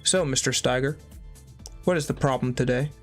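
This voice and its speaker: A reader voicing a stern, calm male rehab counselor in a dry, matter-of-fact way while reading a memoir aloud. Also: mid-range voice, moderate pace, faint music behind, lightly acted. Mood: coolly scolding.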